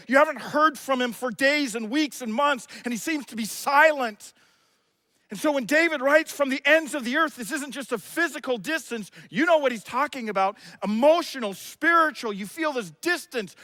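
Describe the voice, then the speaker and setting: A middle-aged man, a pastor, preaching a sermon with passion and sometimes shouting. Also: extremely high pitch, dry recording. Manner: impassioned, shouts out acted quotes.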